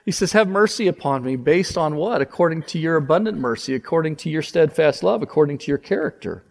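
A man's voice: on the high side, fairly quick, creaky, darkish tone, long reverb tail. A man preaching a sermon, passionately voicing a repentant sinner's confession.

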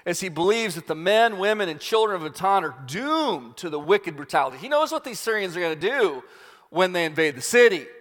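A man's voice: sits high, fairly bright tone, big-room sound. A man preaching, retelling a story dramatically. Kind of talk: sermon storytelling.

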